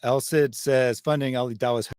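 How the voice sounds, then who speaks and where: A man's voice: medium pitch, steady tone, moderate pace, darkish tone, clean tone, no echo. A male livestream host reading viewer super chats aloud. His delivery is casual and sardonic, recorded close and dry with no room sound. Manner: wry, sardonic asides. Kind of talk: casual live chat.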